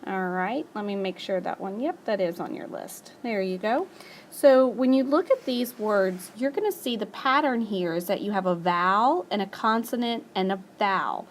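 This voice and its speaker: A woman teacher talks through a spelling lesson in a patient, step-by-step way, drawing out each example word. Her voice sits at an ordinary middle pitch. A faint hiss runs under the voice-over recording. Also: expressive, normal speed. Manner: patient, stretches out example words. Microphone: screencast voice-over.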